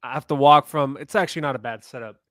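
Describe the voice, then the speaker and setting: A man co-hosting a sports podcast, telling self-mocking stories in an animated way. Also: medium pitch, fast talker, no room sound. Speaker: podcast co-host. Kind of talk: casual sports podcast chat.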